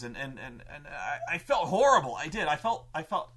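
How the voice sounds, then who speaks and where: A man's voice: on the high side, big pitch swings, normal speed, sharp tone. A man telling a tabletop gaming story in a casual, profane, rambling way, full of restarts and stammered repeats. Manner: profane and emphatic. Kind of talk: casual anecdote.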